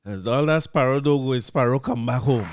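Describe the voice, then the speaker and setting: A man's voice: mid-range voice, fairly quick, crowd noise, noisy background. A man with a Trinidadian accent hosting a podcast in a loose, conversational way, often repeating words as he finds his phrasing. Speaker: podcast host. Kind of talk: casual commentary.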